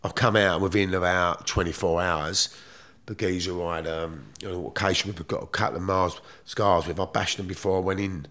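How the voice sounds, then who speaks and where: A man's voice: low-pitched, fairly even intonation, fairly quick, fairly bright tone. A middle-aged man with a London accent, telling stories from his past in blunt, streetwise slang, swearing freely. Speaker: guest. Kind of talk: casual storytelling.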